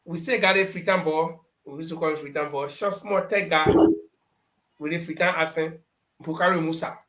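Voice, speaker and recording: A man's voice: a little high, normal speed, echoey room, low-quality recording. Liberian man telling political anecdotes. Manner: animated anecdotes, acting out quoted people. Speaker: panelist on a talk show. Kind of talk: storytelling political commentary.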